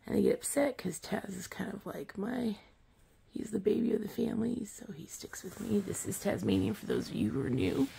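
Gravelly-voiced woman chatting to her cats. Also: mid-range voice, very animated, brisk, hardly any pauses, dark tone, whispered. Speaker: vlogger. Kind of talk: casual pet vlog narration.

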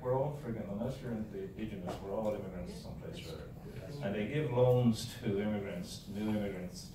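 Deep-voiced man telling jokes. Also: noisy background. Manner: rambling, joke-telling, self-interrupting. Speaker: guest speaker. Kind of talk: humorous talk to a club. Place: club meeting room. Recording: echoey room, distant mic.

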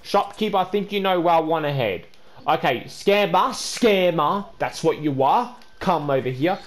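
A man hosting a gameplay video, stammering and repeating words, then scolding another player loudly. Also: a little high, lively intonation, normal speed. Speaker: gaming channel host. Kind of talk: casual gameplay chat.

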